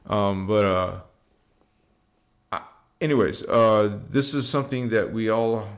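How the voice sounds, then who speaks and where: A man hosting a spiritual livestream, talking loosely and slangily, swearing now and then, and leading slow chanted affirmations. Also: on the low side. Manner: loose and slangy, swears, drifts between chat and slow incantation.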